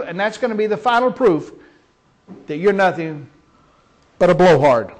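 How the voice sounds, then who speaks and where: A man's voice: high-pitched, animated, moderate pace. A man minister delivering a sermon with emphatic, dramatic storytelling.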